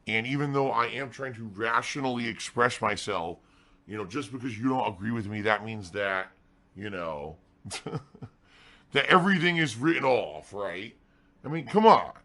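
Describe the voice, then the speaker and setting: A man's voice: fairly low pitch, expressive, normal speed, sharp tone. A man streaming games, ranting indignantly with lots of swearing and repetition. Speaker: game streamer. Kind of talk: livestream rant.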